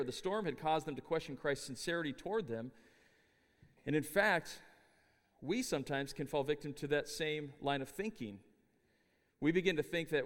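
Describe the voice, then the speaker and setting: A middle-aged man giving a chapel sermon, telling stories with an animated, humorous delivery. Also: fairly high pitch, fairly quick, long reverb tail. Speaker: chapel speaker. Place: university chapel.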